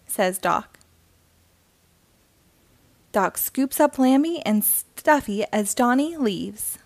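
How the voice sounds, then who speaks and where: A woman reading a children's picture book aloud in a gentle, expressive storytelling manner. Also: mid-range voice, very slow, dry recording. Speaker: storybook reader.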